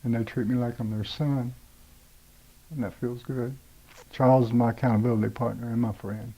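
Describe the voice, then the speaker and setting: A man's voice: mid-range voice, little pitch movement, normal speed, warm tone, rough recording. A man in his forties, plain-spoken and blunt, telling his own story of recovery in a personal testimony with many "uh"s and "you know"s. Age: 40s. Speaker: rehab program graduate telling his story.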